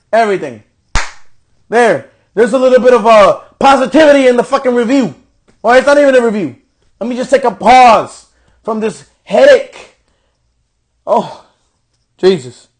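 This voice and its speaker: A young man with a strikingly high-pitched voice hosts his own podcast. He rants in frustration and swears constantly while reviewing a wrestling show, sometimes rising almost to shouting. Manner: frustrated ranting with heavy profanity. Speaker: podcast host.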